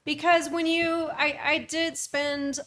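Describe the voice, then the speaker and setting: A woman's voice: sits high, little pitch movement, takes it slowly, a bit bright. A young American woman co-hosting a casual travel podcast, opinionated and emphatic. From United States. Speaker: podcast co-host. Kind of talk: casual chat.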